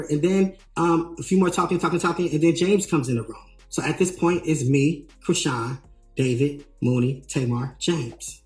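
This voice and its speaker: Guy telling a story all animated, bit high voice, faint music behind. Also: normal speed. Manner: re-enacts quoted dialogue with emphatic rises. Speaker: tour manager. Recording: roomy echo, faint music.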